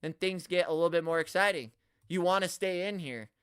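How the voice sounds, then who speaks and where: A man hosting a live stream, ranting at the chat in an animated, exaggerated way and swearing often. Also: high voice, fairly quick, smooth, no room sound, clean studio sound. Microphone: studio mic, no camera.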